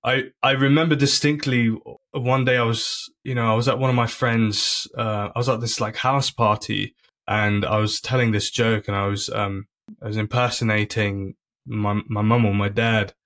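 A man's voice: on the low side, level tone, normal speed, fairly bright tone. A man, a comedian guest on a podcast, talking earnestly in a casual chat, with many restarts and frequent "you know"s. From United Kingdom.

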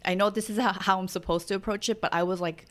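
A woman's voice: mid-range voice, fairly even intonation, fast talker, fairly bright tone. A young adult woman, a podcast co-host, telling candid family stories in casual chat and acting out the quotes as she goes. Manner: candid, chatty storytelling with acted-out quotes.

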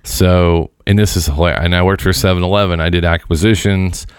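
Deep, smooth-voiced man telling stories. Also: steady tone, brisk, dry recording, studio quality. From Indiana. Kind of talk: casual storytelling chat.

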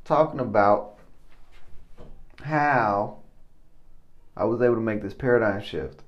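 A man's voice: lowish voice, slow, muffled recording. A man giving a casual testimony monologue into his own recording mic, effusive and exclamatory, repeating himself often. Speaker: podcast host.

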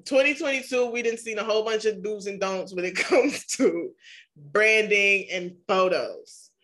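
A woman podcast host with a New York accent, chatting in an animated, slangy way and laughing easily. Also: mid-range voice, normal speed. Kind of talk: casual podcast interview.

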